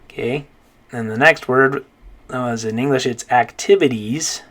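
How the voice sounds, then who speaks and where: A man teaching a recorded pronunciation lesson, patient, slowly repeating each word and checking in with "okay?". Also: medium pitch, a bit bright. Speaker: Spanish teacher.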